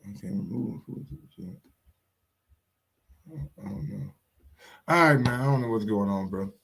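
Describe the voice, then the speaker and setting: A man's voice: medium pitch, animated, moderate pace, vocal fry, slightly rough. A man hosting a sports channel, talking casually in a rambling, profane, trash-talking way. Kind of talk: casual livestream commentary.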